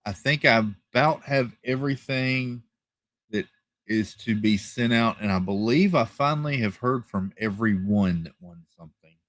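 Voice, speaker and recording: A man hosting a casual live stream from home, reading viewer comments in a relaxed, chatty way with lots of fillers and repeated thank-yous. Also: mid-range voice, normal speed, no echo. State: tired, yawning. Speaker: livestream host. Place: home, rural area.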